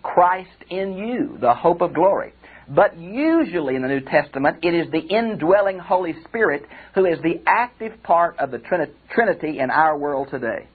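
A man's voice: on the high side, animated, moderate pace, husky. Older man teaching Bible, tinny audio. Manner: conversational, addresses listeners as friends. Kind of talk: recorded Bible commentary lecture. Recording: tinny phone-like audio recording.

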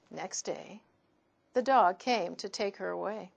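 A woman storyteller reading picture books aloud to children in an expressive voice. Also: medium pitch, a little slow, vocal fry.

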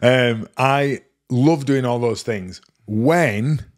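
A man's voice: mid-range voice, slow pace. A man co-hosting a podcast at home, chatting in a joking, teasing way. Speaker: podcast co-host. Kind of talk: casual chat. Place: living room at home.

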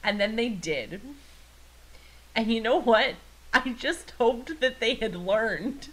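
A young woman co-hosting a podcast, relaxed and casual, steering the chat and swearing now and then. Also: a little high, slow pace, rough recording. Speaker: podcast co-host.

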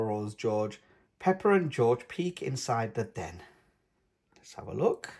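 A man reading a children's picture book aloud in an expressive way. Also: lowish voice. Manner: slow, expressive and lively. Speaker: storybook reader. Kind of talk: children's read-aloud narration.

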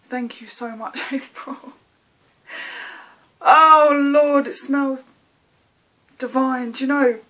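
A woman's voice: high-pitched, steady tone, unhurried, pauses often. An English woman vlogging an unboxing, gushing with thanks in casual chat. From England.

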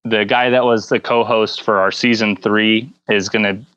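A man who is a guest on a casual podcast, explaining things in a relaxed, halting way. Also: lowish voice, dry recording, muffled recording.

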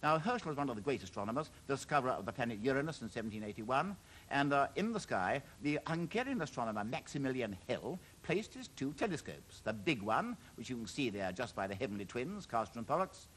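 A man's voice: medium pitch, very animated, fast, fairly bright tone, slight background noise, poor audio. A man in his sixties presenting an educational television programme, enthusiastic and chatty, with wry humorous asides.

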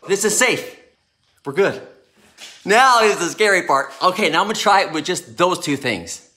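Brash, profane man with a bright voice. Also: high voice, animated, moderate pace. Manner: profane, brash, loud and hyped. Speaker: mindset coach and vlogger. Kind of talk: unscripted vlog monologue. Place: home garage. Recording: roomy garage echo.

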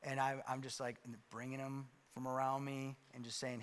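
A man's voice: mid-range voice, flat delivery, normal speed, fairly bright tone, clean tone. A man preaching a sermon as pastor, telling stories in a loose conversational way with many fillers and restarts. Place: church sanctuary. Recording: long hall reverb.

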